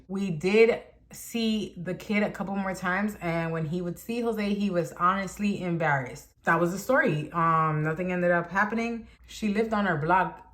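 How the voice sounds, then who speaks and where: A young woman vlogger telling a story casually, animated and blunt, with lots of slang. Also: fairly low pitch.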